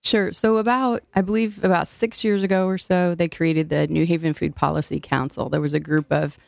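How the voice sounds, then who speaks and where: Speaking fairly quickly in a steady, gravelly, low-leaning voice, an older Illinois woman who serves as a city food policy director gives an earnest interview. She uses lots of fillers, laughs easily, and is a little out of breath; the recording is dry.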